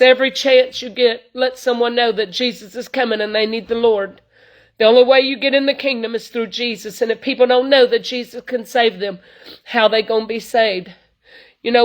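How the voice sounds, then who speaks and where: High-voiced woman preaching earnestly. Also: low-quality recording. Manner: earnest, folksy, full of "you know". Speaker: traveling evangelist. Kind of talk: informal preaching to online viewers.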